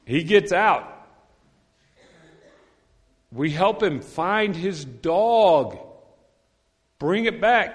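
A man's voice: high voice, animated, extremely slow, long pauses. A man preaching a sermon as a pastor, telling a personal story in a chatty way and repeating his key points for emphasis. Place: church sanctuary. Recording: long church hall reverb.

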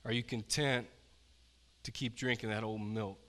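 Bright-voiced impassioned preacher man. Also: on the low side, fairly even intonation, normal speed, big-room sound. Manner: impassioned preaching, swinging from loud to hushed. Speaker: pastor. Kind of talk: sermon. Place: church.

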